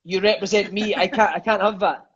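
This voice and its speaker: A man's voice: high-pitched, fairly even intonation, fairly quick, highs cut off, noisy background, lightly acted. A man putting on an angry football boss. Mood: scolding. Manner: outraged, scolding, repeats in broken English. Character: stern, furious Italian male football manager.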